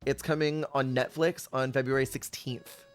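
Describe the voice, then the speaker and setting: A man's voice: mid-range voice, normal speed, clear, resonant tone. Chatty male streamer telling a story. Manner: animated storyteller who acts out quotes. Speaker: Twitch streamer. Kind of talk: casual stream chat while gaming.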